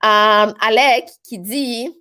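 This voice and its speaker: A woman's voice: a little high, fairly even intonation, slow, sharp tone, clear, resonant tone. A woman with a Québécois French accent hosting a casual live stream, chatty and rambling, with many fillers. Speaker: live stream host reading viewer comments.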